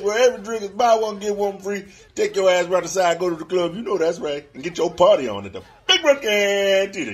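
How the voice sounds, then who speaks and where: A man's voice: fairly bright tone, heavily acted. A man doing a brash, profane wrestler's promo. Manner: profane, boastful, with wild pitch swings. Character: brash trash-talking male wrestler hyping his club.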